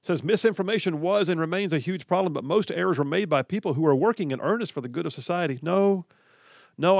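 A man hosting a talk radio show, ranting in an animated, mocking way about the news. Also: on the high side, gravelly, dry recording, studio quality. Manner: animated, mocking, quotes others in put-on voices. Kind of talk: opinionated talk radio monologue.

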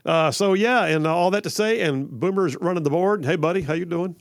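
A man hosting a talk radio show in a studio, in an energetic, folksy, chatty way. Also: high-pitched, a little fast, no echo.

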